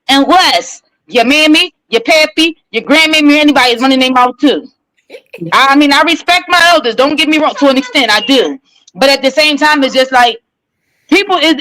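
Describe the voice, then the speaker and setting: Philly woman, blunt and outspoken, rattles along fast, bright edgy voice. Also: high-pitched, no echo, rough recording. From Philadelphia, USA. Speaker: live chat participant, a mother. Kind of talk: heated casual chat.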